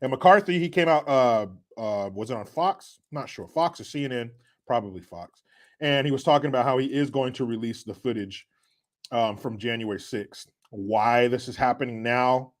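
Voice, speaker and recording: A middle-aged man with a mid-range voice talks at a moderate pace while hosting a casual political commentary stream. He goes through viewer comments, answering with sarcastic jabs that alternate between loud and muttered.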